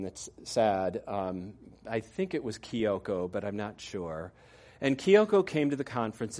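Male pastor; conversational sermon delivery with fillers and asides, average pitch. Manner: drops to a soft, quiet tone at the close.

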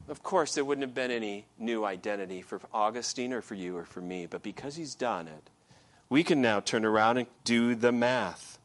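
A man's voice: mid-range voice, animated, moderate pace. A male pastor preaching a sermon in a conversational way, with frequent "okay" check-ins and fillers.

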